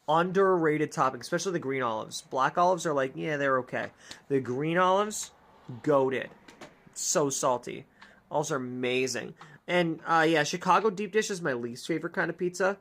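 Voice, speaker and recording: A woman's voice: low voice, animated, normal speed, fairly bright tone. A young woman streamer giving goofy, joking commentary while reading a dating game aloud. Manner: goofy, reads dialogue aloud, swears and jokes. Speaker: gaming streamer. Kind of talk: casual let's-play commentary.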